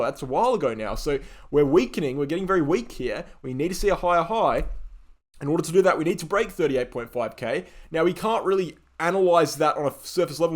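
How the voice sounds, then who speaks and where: Emphatic man breaking down charts. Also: fairly high pitch. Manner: emphatic, insistent, repeats "right?" for emphasis. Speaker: crypto market analyst. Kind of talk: chart analysis commentary.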